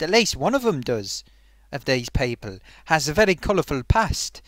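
A man's voice: a little high, big pitch swings, moderate pace, fairly bright tone, no echo, clean studio sound. A man hosting his own vlog and chatting casually, rambling along with plenty of ums and restarts. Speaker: vlogger host. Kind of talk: casual comedy vlog chat.

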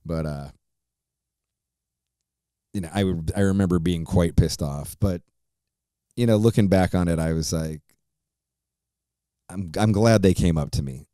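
A man's voice: deep voice, unhurried, long pauses, warm tone, dry recording, clean studio sound. A middle-aged man hosting a podcast, telling a story casually in a rambling, profane way full of fillers and restarts. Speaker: podcast host.

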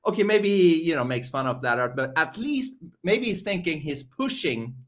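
A man in casual conversation, animated and encouraging, thinking out loud. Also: a little high, normal speed. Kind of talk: casual chat.

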